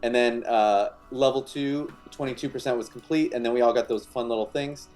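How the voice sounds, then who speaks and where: A man's voice: mid-range voice, fairly even intonation, fairly quick, darkish tone, soft background music. A man on a tabletop stream, casually reading out thanks to viewers with lots of fillers. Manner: casual, filler-heavy, friendly.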